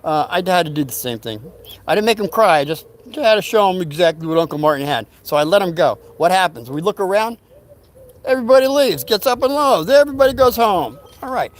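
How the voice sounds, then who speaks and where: A man's voice: on the high side, fast. An older man casually telling a rambling story from his youth, acting out what people said. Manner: rambling, animated retelling with acted-out quotes.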